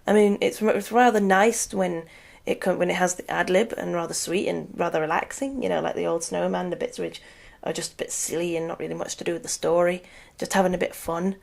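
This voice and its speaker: A woman's voice: lowish voice, steady tone, fairly quick, creaky. A woman giving a casual, rambling rant review, sarcastic and often breaking into laughter. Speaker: video reviewer.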